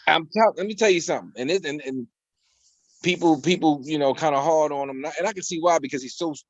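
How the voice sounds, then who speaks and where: A man co-hosting a casual panel debate over a video call, animated and joking, swearing freely and repeating himself. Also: fairly high pitch, fast talker, dry recording. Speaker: talk show co-host. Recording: dull lo-fi video call audio.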